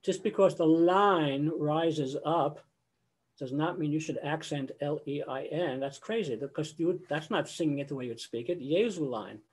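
A man's voice: fairly high pitch, normal speed, a little mellow, breathy edge. Older man conducting a casual video-call lecture. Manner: conversational, sings example phrases mid-explanation. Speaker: choral conductor giving a lecture.

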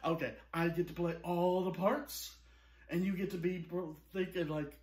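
A male balloon artist and children's performer acts out a kids' story in an over-the-top, melodramatic style, gasping and feigning horror while addressing young viewers directly. He's animated and jokey, with a husky voice that sits high, at a normal speed.

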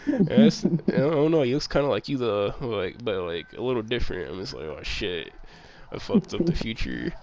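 A man's voice: medium pitch, big pitch swings, normal speed, few pauses, a little mellow. A man telling a rambling, profane story in a casual chat, full of laughs.

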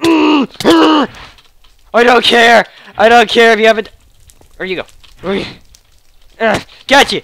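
Young male gaming host, slow-spoken but explosive, gravelly fry, lots of shouting. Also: very high voice, expressive. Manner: shouting, laughing, hyper reactions. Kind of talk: excited gameplay commentary.

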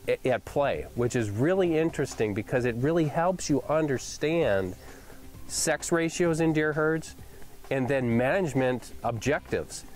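Enthusiastic middle-aged male hunting host. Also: mid-range voice. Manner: excitable, enthusiastic storyteller. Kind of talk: casual hunting recap and field commentary.

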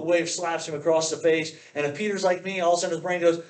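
Animated male preacher in an echoey hall. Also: on the high side, fast talker, hardly any pauses. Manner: animated, playful, acts out quoted voices. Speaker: pastor. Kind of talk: sermon.

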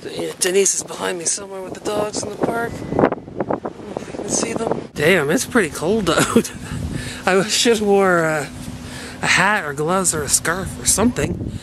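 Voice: mid-range voice, moderate pace. A vlogger chatting casually to the camera, coaxing a dog and talking through the day. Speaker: daily vlogger. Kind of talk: casual vlog narration to camera. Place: outdoor courtyard behind a tall building in cold weather. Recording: noisy handheld camera recording.

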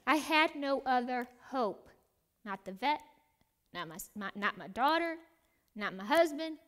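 A middle-aged woman teaching a Bible study, telling a personal story with animated, acted-out lines and whispered prayer. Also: sits high, a little slow.

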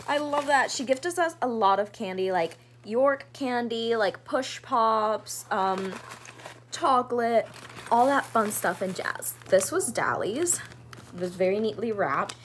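A woman's voice: medium pitch, fairly bright tone, slight background noise. A woman in her twenties talking through gifts in a casual vlog, gushing and gasping, saying "like" and "oh my gosh" a lot. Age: 20s. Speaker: vlogger.

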